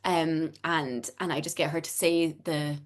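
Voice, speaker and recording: A woman from Scotland with a neutral, easy-to-place-nowhere Scottish accent talks casually as an interview guest. Her voice sits a little low, and she laughs easily and often restarts her sentences as she thinks. She sounds like she is on a video call. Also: steady tone, a little slow. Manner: chatty, laughing, many restarts. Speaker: voice actor guest.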